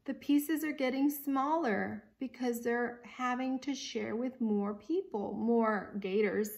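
Woman reading a storybook to a kid, slow and a bit high, stops to explain things. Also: creaky. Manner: slow and gentle, with pauses to explain; frequent fillers before reading. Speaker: story reader. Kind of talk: reading a picture book aloud to a child.

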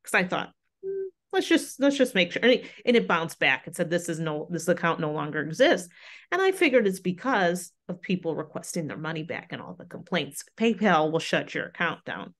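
A woman's voice: low voice, big pitch swings, a little fast. A woman guest, a grief counselor, earnestly recounting her experiences in a casual conversation. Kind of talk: casual chat.

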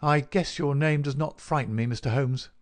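A man's voice: medium pitch, normal speed, lightly acted. A man voicing a big, bald, unctuous male swindler in an audiobook, his talk oily and mocking. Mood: smooth, dismissive. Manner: oily, made-everything-easy talk. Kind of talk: audiobook character reading.

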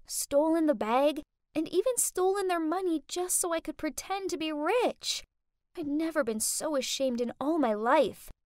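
A young woman narrating a first-person animated story in a dramatic, emotional way. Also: high-pitched, dry recording, studio quality.

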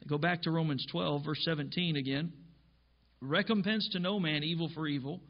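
A man's voice: on the high side, normal speed. A man pastor preaching a sermon emphatically, reading scripture aloud and explaining it. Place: church. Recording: dull lo-fi church recording.

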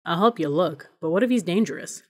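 A wary teenage boy from an audiobook, voiced by a woman reader. He talks cautiously and reluctantly in a fairly low voice. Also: lively intonation, brisk, darkish tone.

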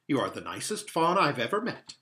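A man's voice: a little high, sing-song, fairly quick, sharp tone. A man voicing a kind, earnest young girl in a storybook reading, pleading and anxious. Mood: gentle.

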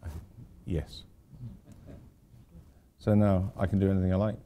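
A man's voice: deep voice, steady tone, rapid-fire, mellow, a little hiss or hum. An older man, an architect giving an informal lecture, rambling through anecdotes with wry asides.

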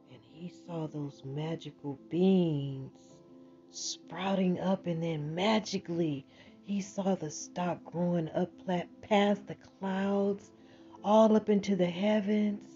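A woman telling a bedtime story in a low, slow, mellow voice, casual and animated. She talks in a chatty, emphatic way. The recording is dull and lo-fi, with faint music behind her.

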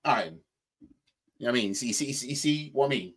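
A man's voice: mid-range voice, lively intonation, brisk, husky. A man with a Yorkshire accent, hosting a reaction channel, with casual commentary that often stammers and repeats "you know what I mean". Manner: mocking mimicry in quoted voices.

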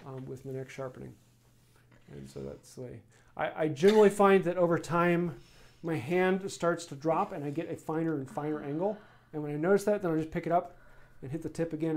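A man hosting a live woodworking stream, answering viewer questions in a casual, rambling way with many pauses. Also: on the high side. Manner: relaxed, rambling explanations with many ums. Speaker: woodworking channel host.

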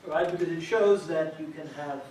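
A man's voice: a little high, darkish tone. A man giving an academic colloquium talk, explaining step by step and checking in with "right?". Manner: measured, explanatory, frequent "right?" check-ins. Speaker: lecturer. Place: lecture room. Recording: echoey hall, mic far off, faint hiss.

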